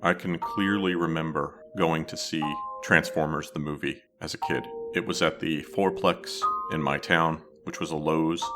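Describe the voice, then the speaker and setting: A man hosting a podcast, telling a childhood memory in reflective, scripted narration. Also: extremely low pitch. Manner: reflective storytelling. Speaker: podcast host.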